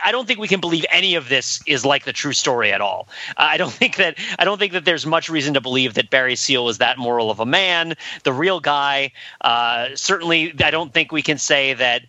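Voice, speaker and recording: Man, podcast co-host, casual film talk, rambling and laughing, very bright sharp tone, bone-dry close sound. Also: a little high, no echo. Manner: thoughtful, rambling, laughs often.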